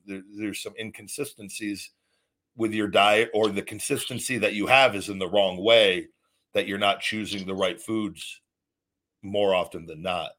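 Blunt low-voiced male podcast host. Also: a bit bright. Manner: blunt, rambling, teasing. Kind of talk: casual call-in advice chat.

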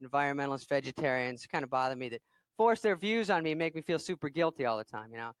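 A man's voice: medium pitch, animated, fast, clean tone, dry recording. A young man doing a stand-up comedy set with a brash, punchy delivery and sarcastic asides. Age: young adult. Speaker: stand-up comic. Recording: old TV broadcast, audience laughter and hiss. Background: studio audience laughing.

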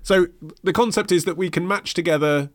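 A man's voice: high voice, a little fast, no echo, studio quality. A man hosting a podcast in casual chat, wry and facetious, summing up his co-host's ideas. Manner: wry, facetious, sums things up. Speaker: podcast host.

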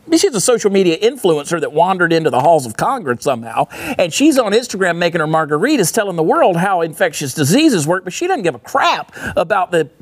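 A man co-hosting an opinionated political talk show, sarcastic and mocking, swinging between loud jabs and low asides. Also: no room sound. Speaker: co-host.

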